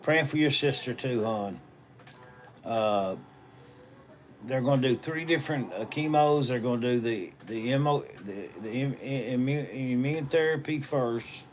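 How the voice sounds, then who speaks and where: Middle-aged man, Southern US accent, folksy rambling livestream host, mid-pitched voice, faint background hum. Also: unhurried. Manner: folksy, rambling, drawling country talk. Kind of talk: casual livestream chat, reading viewer comments. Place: hospital treatment room, indoors. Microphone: phone.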